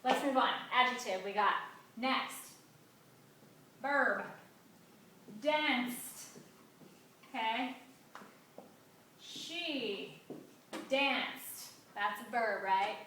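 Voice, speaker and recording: A woman teacher gives a grammar lesson in a bright, fairly high voice, leaning hard on key words and drawing them out. She is recorded from some distance in a very echoey classroom with faint background noise. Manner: emphatic, drawn-out stresses on key words. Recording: echoey room, mic at a distance.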